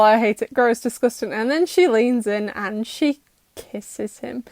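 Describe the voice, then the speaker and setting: A young woman with a somewhat high voice talks through a cartoon episode with sarcastic, exasperated humour. Her delivery is dry and close to the mic, with no room sound. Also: a little mellow, no echo. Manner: sarcastic, exasperated roasting with mock quotes. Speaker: YouTuber reacting to a cartoon. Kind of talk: comedic episode recap.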